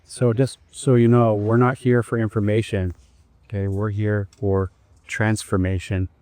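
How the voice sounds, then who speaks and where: A man's voice: on the low side, level tone, darkish tone, no echo. A man telling a personal story to a live group in a casual, conversational way, with fillers and restarts. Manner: leads the group in slow breathing. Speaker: speaker at a wellness event.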